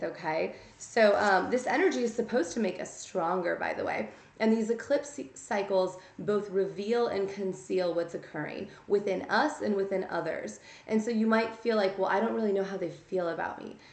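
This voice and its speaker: Gravelly-voiced woman giving a blunt tarot reading. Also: medium pitch, a little mellow. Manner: blunt, chatty and scolding, full of "like" and "okay?". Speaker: tarot reader. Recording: echoey room.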